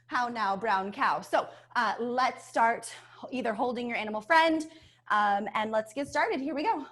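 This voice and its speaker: A woman with a fairly high, fairly bright voice teaches an online kids' dance class, speaking a little slowly. Upbeat and encouraging, she occasionally sings her cues while backing music plays.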